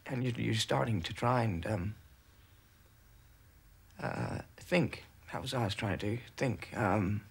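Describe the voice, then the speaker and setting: A man gives halting, hesitant testimony, stopping often to restart his sentences. His voice sits low and has a gravelly, husky texture. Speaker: interviewee recalling captivity.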